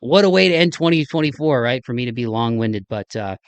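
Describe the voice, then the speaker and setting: A man's voice: mid-range voice, lively intonation, fairly quick, no echo. A man with a Midwestern accent hosting a podcast, rambling enthusiastically through a casual solo outro. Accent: Midwestern American. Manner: rambling, enthusiastic, self-deprecating. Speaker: podcast host.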